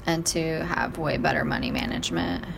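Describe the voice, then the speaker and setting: Chatty woman with a lowish voice. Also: wildly swooping pitch, normal speed, gravelly, heavy background noise. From Iowa. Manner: chatty, rambling, lots of fillers. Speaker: podcast co-host. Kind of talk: casual chat. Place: balcony behind a glass panel.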